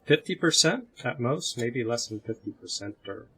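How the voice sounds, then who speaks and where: A man hosting a casual group discussion on a video call, opinionated and animated. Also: mid-range voice, normal speed, a crowd in the background. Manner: opinionated, animated, laughs between points.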